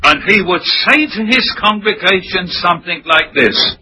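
A man preaching a sermon in a slow, emphatic way, full of rhetorical questions. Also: sits high, lively intonation, pushed and bright, slight background noise, rough recording.

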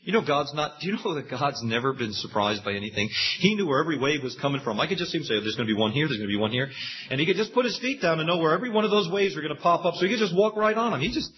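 A man preaching a sermon, telling Bible stories with lively acted-out quotes. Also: fairly high pitch, rapid-fire, hardly any pauses. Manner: animated storytelling preacher, acts out quoted voices. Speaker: pastor. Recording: dull lo-fi sound.

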